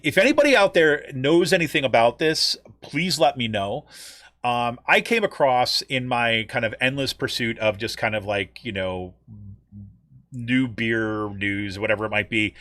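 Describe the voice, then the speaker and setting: A man's voice: medium pitch, animated, moderate pace, a bit bright, dry recording. An American man co-hosting a podcast, chatting casually about news with lots of ums and restarts. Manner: rambling, many ums and restarts. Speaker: podcast co-host.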